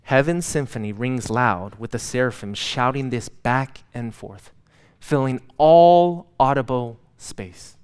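Preaching man with a smooth voice. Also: medium pitch, slow, a little mellow. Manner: conversational preaching with dramatic emphasis on repeated words; self-deprecating humor. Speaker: pastor. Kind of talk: sermon.

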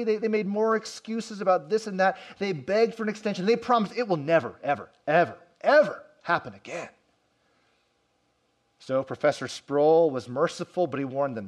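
A pastor preaching a sermon, telling a story and acting out quoted lines with rising and falling emphasis. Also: male voice, a little high, animated, moderate pace.

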